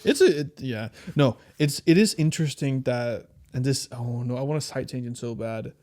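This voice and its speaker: A young man with a Danish accent co-hosting a podcast, easygoing and quick to agree with his friend. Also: medium pitch, darkish tone. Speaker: podcast co-host. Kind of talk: casual chat.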